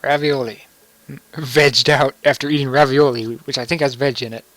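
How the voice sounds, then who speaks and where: A man's voice: mid-range voice, fairly even intonation, moderate pace, a bit bright, no room sound. A young man giving casual, joking commentary over a video game and laughing often. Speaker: let's play commentator.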